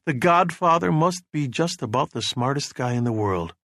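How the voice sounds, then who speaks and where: Steady male audiobook narrator, dry sound. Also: medium pitch, moderate pace, no echo. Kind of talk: scripted narration.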